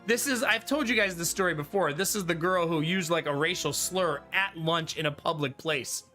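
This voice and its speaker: Bright-voiced chatty male streamer. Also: a little high, normal speed. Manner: chatty, laughs often, talks to chat. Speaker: streamer playing a card game. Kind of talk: casual live-stream chat. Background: faint game music.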